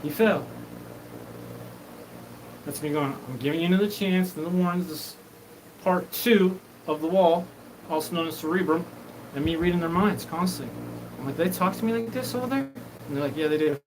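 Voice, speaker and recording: A man's voice: on the high side, normal speed, pauses often. A man hosting his own show, talking in a rambling, disjointed, profane live monologue. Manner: disjointed, profane, jumps between topics. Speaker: show host. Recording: noisy background.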